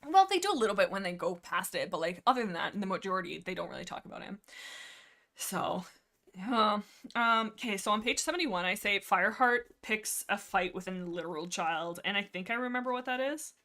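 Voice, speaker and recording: A woman's voice: medium pitch, expressive, a little fast, bright, forceful tone. A young woman hosting a casual book discussion livestream, chatty and rambling, laughing often. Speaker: livestream host.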